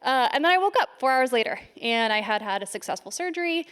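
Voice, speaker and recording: Woman, conference speaker, a little high-pitched, shaky with stage nerves, self-deprecating storyteller. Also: lively intonation, fast, fairly bright tone, clear, resonant tone. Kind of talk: lightning talk.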